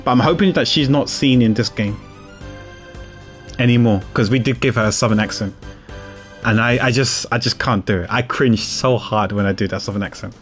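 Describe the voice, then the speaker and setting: A man streaming a game and chatting casually to viewers in a quick, self-mocking way. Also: mid-range voice, faint music behind. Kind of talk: casual live-stream chat.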